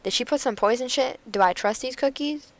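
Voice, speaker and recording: A woman's voice: sits high, fairly quick, no room sound, poor audio. A woman playing a dating game on stream, reading the text aloud and making jokey, dramatic asides with plenty of laughs. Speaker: gamer. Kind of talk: let's play commentary and reading.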